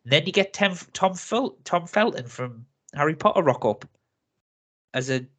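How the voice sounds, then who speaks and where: A man's voice: on the high side, expressive, moderate pace, a bit bright, slightly rough. A man hosting a casual film review chat, talking freely, ranting and laughing often. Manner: chatty, laughs often, rants with mock accents. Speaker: film review podcast host.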